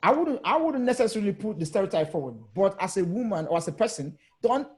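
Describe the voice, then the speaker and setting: A man's voice: high voice, very animated, fast talker. A man arguing his point on a video panel discussion, emphatic and direct, often repeating phrases and challenging listeners. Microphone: video call.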